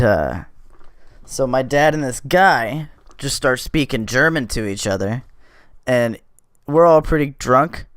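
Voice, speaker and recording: Unhurried man telling a rowdy story. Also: medium pitch, clear, resonant tone, no room sound, clean studio sound. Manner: animated, profane, gets louder as the story builds. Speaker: podcast host. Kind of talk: casual storytelling monologue.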